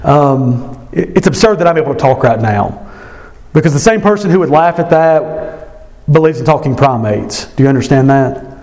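A man's voice: a little high, animated, normal speed, a little mellow. A man retelling a scripture story to an evening Bible study, conversational and emphatic. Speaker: Bible teacher.

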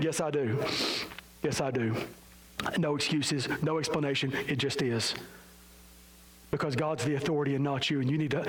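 Brief: male preacher, fairly high voice, fiery evangelical sermon, drops low and solemn then climbs to loud peaks, pokes fun at himself. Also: rough recording. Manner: self-mocking asides.

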